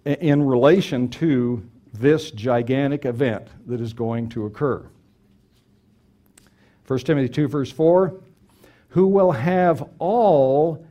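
Middle-aged male preacher, mellow voice, emphatic delivery. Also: medium pitch. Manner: earnest, emphatic, repeats key phrases. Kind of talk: sermon.

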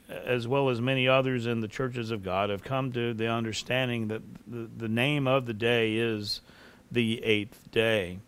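A middle-aged man preaching a sermon, speaking earnestly and reading scripture aloud at a measured pace. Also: mid-range voice, fairly bright tone, clear, resonant tone, no echo. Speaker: pastor.

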